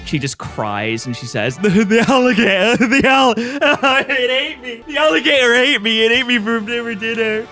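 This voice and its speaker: A man giving playful, joking gameplay commentary, swinging between excited outbursts and deadpan mutters. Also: mid-range voice. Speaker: gaming YouTuber.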